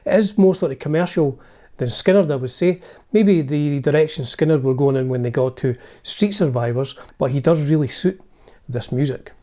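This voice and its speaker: A man's voice: a little high, moderate pace, warm tone. A man with a Scottish accent, hosting his music channel and narrating a band's history in a chatty, enthusiastic way with asides.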